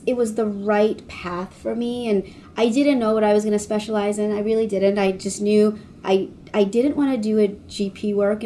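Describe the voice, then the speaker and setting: The voice is a woman's, mellow and relaxed, with a faint hiss of noise behind it. She is a veterinary oncologist from Washington, D.C., talking casually in an interview. She rambles through her stories with fillers and restarts and slips into the voices of the people she quotes. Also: mid-range voice. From Washington, D.C., United States. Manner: acts out quoted voices of others.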